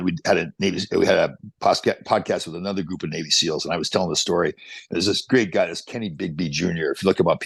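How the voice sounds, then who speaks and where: A man in his sixties, a podcast guest and motivational speaker, telling stories in an energetic, motivational way. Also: low-pitched, creaky, breathy edge, no room sound. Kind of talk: casual chat, storytelling.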